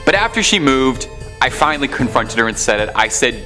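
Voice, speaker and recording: Man, horror story narrator, animated delivery, faint music behind. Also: mid-range voice, fairly quick.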